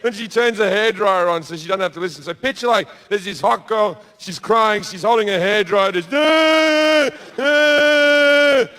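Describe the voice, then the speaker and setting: A man's voice: sits high, a little fast, hardly any pauses, fairly bright tone. An Australian man doing a stand-up set on a theatre stage, telling a crude story in a laid-back way and acting out the quotes. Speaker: stand-up comedian. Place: large theatre stage with live audience.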